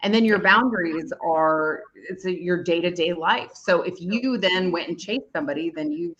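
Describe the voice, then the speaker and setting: A woman's voice: on the low side, normal speed, a bit bright, dull audio. A woman guest, a life coach, chatting casually and agreeing often in an interview. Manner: agreeable, frequent short affirmations and laughs.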